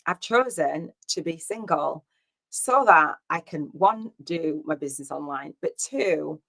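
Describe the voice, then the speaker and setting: A woman with a low voice talks through a casual solo podcast episode. She rambles from thought to thought with plenty of ums and acted-out bits of dialogue, speaking at an easy conversational pace. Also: lively intonation, measured pace, creaky, fairly bright tone. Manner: rambling, storytelling with quoted dialogue and fillers. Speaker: podcast host.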